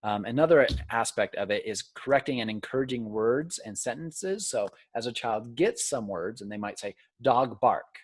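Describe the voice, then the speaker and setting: A man's voice: medium pitch, lively intonation, normal speed, few pauses, dry recording. A man teaching as a college instructor in a recorded video lecture, casual and self-deprecating, with filler ums.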